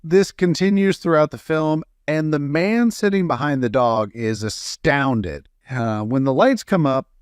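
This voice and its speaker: A man's voice: a little high, unhurried, few pauses, clean tone, no room sound. Man reading jokes, dry close sound. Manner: casual storytelling with small slips and fillers. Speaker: joke reader.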